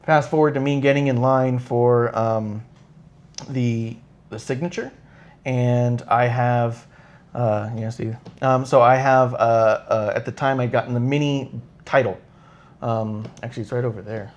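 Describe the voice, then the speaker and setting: A man hosting a live podcast, talking at a middle pitch in loose, casual chat. He rambles through an anecdote, swears freely and slips into quoted dialogue with changing voices. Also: fairly even intonation, a little slow, a little mellow, lo-fi sound. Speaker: podcast host.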